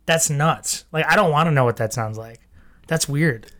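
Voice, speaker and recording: A man's voice: a little high, moderate pace, bright, forceful tone. A man co-hosting a podcast, telling rambling stories full of fillers. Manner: rambling storytelling with many fillers. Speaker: podcast co-host. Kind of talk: casual chat.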